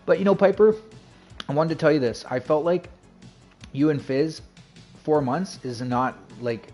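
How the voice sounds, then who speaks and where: A man's voice: fairly high pitch, a little slow, darkish tone, soft background music. A man chatting casually on his game stream, rambling and full of fillers and restarts. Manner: rambling, filler-heavy, self-interrupting.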